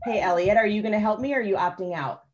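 A woman leading a children's message in worship, reading aloud slowly and teaching with a light laugh. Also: mid-range voice, lo-fi sound, slight background noise.

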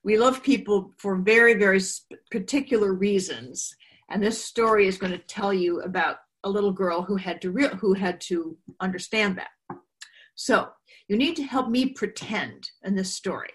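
A woman leading a children's talk at church, telling a story gently and slowly. Her voice sits at a middle pitch and she uses simple props as she goes.

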